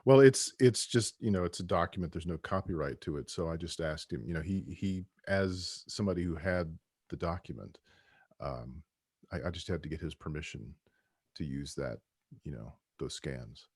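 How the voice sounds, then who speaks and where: A man's voice: deep voice, expressive, normal speed, darkish tone, husky, no echo, studio quality. A man who co-wrote a book, talking about it casually on a podcast with many restarts. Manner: rambling, with many restarts and "you know". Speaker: book co-author and guest.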